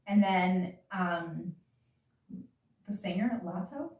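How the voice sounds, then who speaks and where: A woman's voice: medium pitch, normal speed, recorded from a distance. A woman teaching a casual dance class, counting beats aloud and explaining moves in a chatty, giggly way. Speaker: dance instructor. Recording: echoey room, voice from off-mic.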